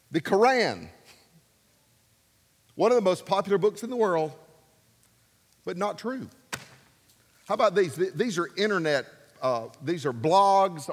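A man preaching a sermon, emphatic and animated, swinging between loud and soft. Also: fairly high pitch, big-room sound. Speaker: pastor.

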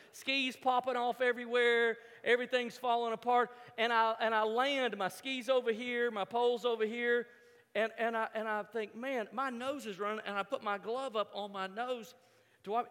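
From a stage in a hall, a high-voiced man with a clear, resonant tone tells a humorous story from his own life to an audience. He's lively, repeating words as he restarts and acting out what he was thinking.

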